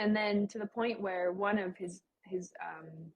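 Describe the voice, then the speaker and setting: A woman's voice: mid-range voice, normal speed, poor audio. Chatty heartfelt young woman. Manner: chatty, heartfelt, many "like" fillers. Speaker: guest sharing her cancer story. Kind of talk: casual interview talk.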